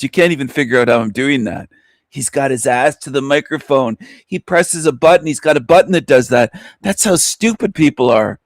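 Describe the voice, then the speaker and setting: A man's voice: medium pitch, a little fast, dry recording, studio quality. A man hosting a show, mocking a video he is watching in a scornful, insulting rant. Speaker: host reacting to a video. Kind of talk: mocking live commentary.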